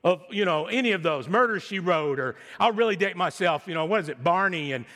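A middle-aged pastor with a high voice delivers a sermon to his congregation. He talks in a chatty, joking way and slips into sarcastic impressions. His voice carries a long hall reverb from the church around him. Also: lively intonation, a little fast, sharp tone.

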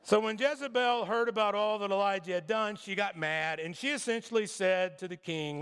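A man's voice: sits high, normal speed, few pauses, a bit bright, clear, resonant tone. A middle-aged man preaching a sermon in a casual storytelling way, with jokes and asides. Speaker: pastor. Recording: long hall reverb.

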